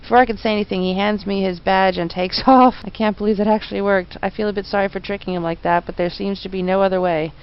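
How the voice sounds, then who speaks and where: A woman's voice: mid-range voice, fairly even intonation, fast talker, hardly any pauses, clean tone, muffled recording. A woman casually commentating a point-and-click game, reading the on-screen text aloud and reacting. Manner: reads game text aloud, mutters, then bursts into laughing outbursts. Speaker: game streamer. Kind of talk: casual let's-play commentary.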